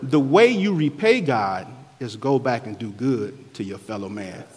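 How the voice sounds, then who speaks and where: A man's voice: lively intonation, measured pace, a little mellow, husky. A man preaching a sermon as pastor, swelling and dropping his voice as he reads scripture and explains it. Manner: rises and falls in pitch and force, preaching cadence. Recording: long hall reverb.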